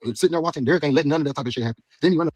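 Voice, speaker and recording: A man, a boxer in an interview, venting about his coach in a heated, rapid way. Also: a little high, no echo, highs cut off. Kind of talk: interview clip.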